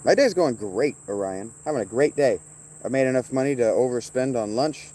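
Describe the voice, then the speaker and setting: A man's voice: mid-range voice, expressive, a little fast, mellow, slight background noise. A man streaming casually outdoors, rambling and swearing as he teases viewers by name. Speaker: streamer reading chat. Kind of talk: casual livestream chat.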